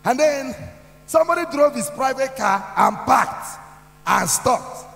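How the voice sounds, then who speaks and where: High-voiced Nigerian man preaching in an echoey hall. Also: lively intonation, unhurried, vocal fry. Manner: preachy, builds to shouting. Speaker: speaker at a youth conference. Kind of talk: motivational testimony. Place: large hall. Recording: echoey hall with soft music.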